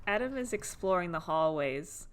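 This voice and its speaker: A woman's voice: on the low side, lively intonation, normal speed, clear, resonant tone. A woman co-hosting a casual podcast, summing up cartoon plots and quoting characters. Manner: plain plot summary, quotes characters. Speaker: podcast co-host. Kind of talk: casual chat.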